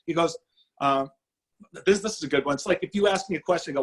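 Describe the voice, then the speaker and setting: A middle-aged man telling his story in an interview, animated and acting out quoted dialogue. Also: on the high side, fast, breathy edge, low-quality recording. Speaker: guest speaker.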